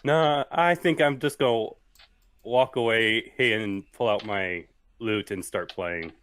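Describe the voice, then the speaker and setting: A man's voice: on the low side, takes it slowly, fairly bright tone, clear, resonant tone. A man playing in a tabletop game, casual and playful, joking around over an online video call. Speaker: player.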